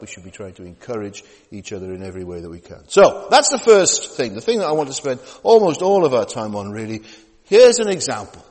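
A man's voice: mid-range voice, darkish tone. A man preaching a conversational sermon in a church, talking in a chatty way with many tag questions and frequent restarts. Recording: long hall reverb.

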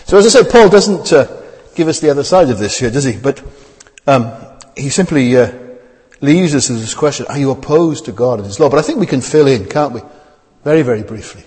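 A man with a mid-range voice preaches a sermon at a brisk pace, firing off rhetorical questions. His delivery rises and falls lively, and a long hall reverb hangs on the recording.

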